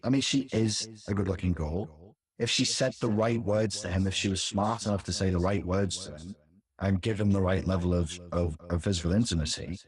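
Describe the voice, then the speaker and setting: A man's voice: deep voice, fairly quick. A man in his forties, a former teacher, giving opinionated commentary in conversation, stressing points by repeating words. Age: 40s.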